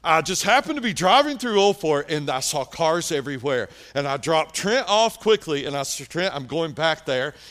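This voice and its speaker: A man preaching a sermon as pastor, animated and emphatic, dropping soft and then rising loud. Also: fairly high pitch, normal speed, few pauses.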